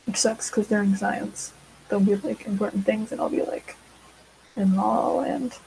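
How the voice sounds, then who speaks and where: A woman's voice: medium pitch, little pitch movement, moderate pace, gravelly, dark tone, slight background noise, rough recording. A teenage girl chatting casually while she draws, rambling with many fillers and side tracks. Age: teens. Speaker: vlogger.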